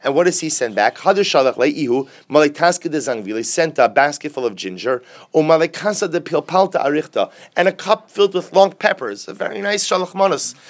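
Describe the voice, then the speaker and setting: A man giving a Talmud class in a lively, conversational way, asking rhetorical questions and urging the listeners to listen. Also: a little high. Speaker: Talmud teacher.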